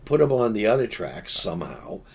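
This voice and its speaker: An older man, a podcast guest, telling stories in a halting, rambling way with many restarts and laughing asides. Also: fairly low pitch, very animated, vocal fry, a little mellow, breathy edge. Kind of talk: casual storytelling.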